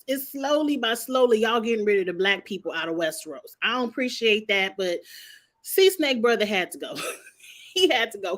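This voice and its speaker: Sassy woman recapping a TV episode. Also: mid-range voice. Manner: sassy, animated retelling with playful cursing. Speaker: show recap host.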